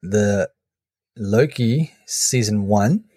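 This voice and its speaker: A man with a fairly low voice banters casually as a podcast co-host. He jokes in a laid-back way. The sound is dry and close to the mic, with no room echo. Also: extremely slow, mellow.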